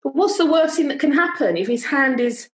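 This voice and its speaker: A middle-aged woman, a worship leader, telling a story at home over a video call in a chatty, animated way, often breaking off mid-sentence. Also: sits high, fairly quick, reverberant, low-quality recording. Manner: chatty, animated, self-interrupting.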